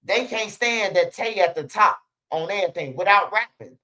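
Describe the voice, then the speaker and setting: A man, a street news blogger telling stories in a casual, animated, profane monologue, acting out other people's voices. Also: high-pitched, normal speed.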